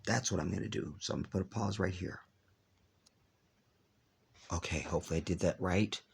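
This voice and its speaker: A man's voice: sits low, brisk, gravelly, husky. A man hosting his own channel, talking straight to viewers in a rambling monologue and reading text aloud while skipping parts. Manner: rambling, reads text aloud and skips with "blah, blah"; talks to viewers directly. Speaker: video channel host.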